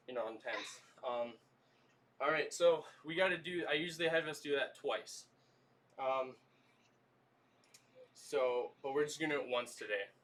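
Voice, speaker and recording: A man leading a livestream workout, coaching stretches in a relaxed, chatty way. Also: mid-range voice, recorded from a distance, a little hiss or hum. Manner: easygoing, coaching with lots of "y'all" and "okay?". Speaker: fitness trainer.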